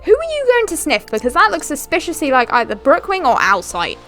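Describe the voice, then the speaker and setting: Lively chatty young woman gamer. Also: high voice, fairly quick, soft background music. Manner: chatty, giggly, talks to the characters. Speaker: gaming channel host. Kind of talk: casual let's-play commentary.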